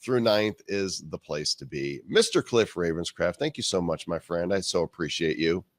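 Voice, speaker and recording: Low-voiced male live show host. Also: animated, normal speed, dry recording.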